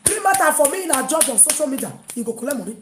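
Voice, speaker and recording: High-pitched Nigerian woman, loud mocking commentary. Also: big pitch swings, racing, noisy background. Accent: Nigerian Pidgin. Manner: loud, mocking, breaks into sung chants. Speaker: host of an online gossip show. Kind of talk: animated gossip commentary. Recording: echoey room.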